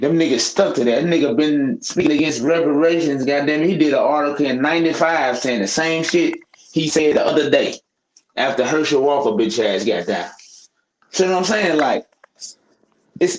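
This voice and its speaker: A man's voice: a little high, a little hiss or hum. A man giving opinionated casual commentary as a podcast host, in a heated, profane, preachy rant full of rhetorical questions. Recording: echoey room.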